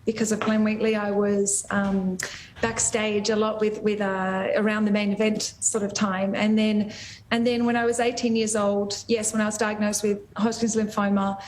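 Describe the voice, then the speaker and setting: A woman with an Australian accent, emotionally raw, speaking in a halting, heartfelt way on a TV interview. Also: mid-range voice, level tone, a little mellow, slight background noise, rough recording. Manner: halting, heartfelt, often restarts sentences. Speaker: guest singer.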